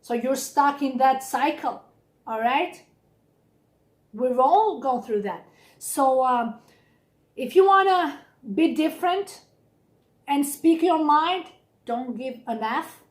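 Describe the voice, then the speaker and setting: A woman's voice: high-pitched, animated, slow, pauses often. A woman giving a casual, blunt and encouraging tarot reading straight to the viewer. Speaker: tarot reader. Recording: echoey room.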